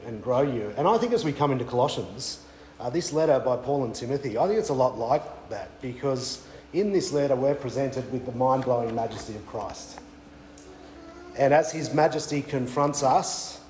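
A man's voice: medium pitch, darkish tone, reverberant, a little hiss or hum, poor audio. An Australian man preaching a sermon at a weekend away, conversational, with frequent fillers and restarts. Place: church weekend away venue.

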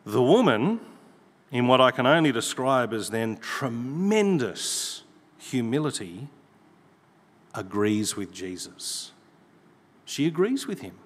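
A man's voice: medium pitch, very animated, slow, long pauses. A man preaching a sermon, reading scripture aloud with emphasis. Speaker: pastor. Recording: long hall reverb.

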